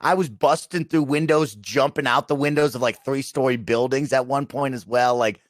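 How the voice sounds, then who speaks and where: A man hosting a casual gaming chat, upbeat and rambling in long stretches. His voice sits at an ordinary middle pitch, close on the mic with a dry, dead sound. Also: moderate pace, dry recording. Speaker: podcast host.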